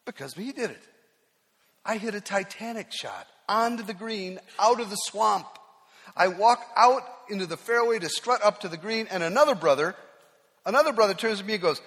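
A man's voice: sits high, normal speed, fairly bright tone, in a large hall. A male pastor preaching a sermon, telling self-deprecating stories in a conversational way with small restarts.

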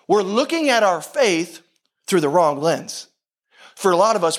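High-voiced animated preaching man. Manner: animated, talks to the crowd with frequent "right?" asides; self-deprecating, repeats and restarts phrases. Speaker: pastor. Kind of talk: conversational sermon.

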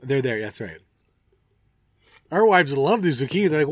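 A middle-aged man chats casually on a podcast at a middle pitch. He jokes, rambles and lets his sentences trail off. The sound is close and dry, with no room echo. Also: animated, moderate pace, long pauses. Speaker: podcast co-host. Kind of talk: casual chat. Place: outdoors at a backyard gathering.

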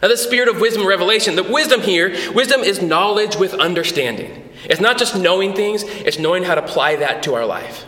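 A man preaching a sermon as a pastor, conversational and animated, with frequent restarts, in a church. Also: high voice, a little fast. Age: adult with a son. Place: church hall. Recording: echoey church hall with long reverb.

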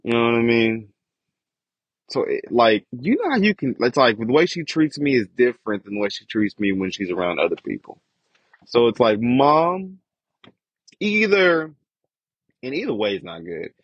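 A man's voice: medium pitch, big pitch swings, moderate pace, pauses often, breathy edge, no room sound. A young man ranting with frustration and heavy profanity in a casual podcast monologue about his family. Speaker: podcast host. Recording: dull lo-fi dry recording.

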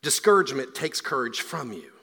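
A man preaching a sermon as a pastor, swinging from hushed, quiet lines to loud, emphatic build-ups. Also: mid-range voice, expressive, a little fast, creaky, husky. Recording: long hall reverb.

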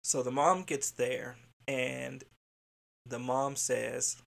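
A man who directs childcare centers, telling a workplace story in a candid, animated way, swearing freely and laughing. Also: medium pitch, drawn-out words, gravelly. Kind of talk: casual storytelling monologue.

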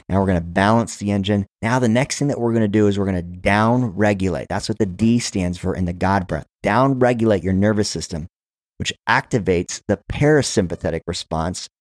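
Low-voiced man coaching slow counted breaths. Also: darkish tone, no room sound, clean studio sound. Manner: guides listeners through counted breathing, slowing on counts. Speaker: podcast host. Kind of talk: coaching talk on breathing and prayer.

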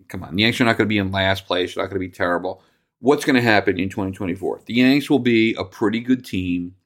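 A man's voice: on the low side, a bit bright. A man from New Jersey hosting a solo sports talk podcast, ranting angrily with profanity and sarcasm.

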